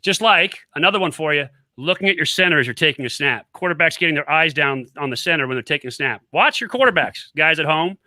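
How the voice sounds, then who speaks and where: A middle-aged former quarterback turned coach speaks as a guest. He talks emphatically and hammers his points home through repetition. His voice is very bright and a little high, with a dry sound. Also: animated, fast, hardly any pauses, no room sound. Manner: emphatic, repeats points, storytelling. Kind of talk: casual interview, coaching talk.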